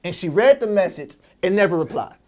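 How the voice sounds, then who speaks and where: A man's voice: lively intonation, fairly quick, a little mellow. A man who is a comedian, chatting casually with a guest and telling funny stories about his family. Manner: storytelling, mimics his mom in high voice. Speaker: comedian host. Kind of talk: casual interview chat.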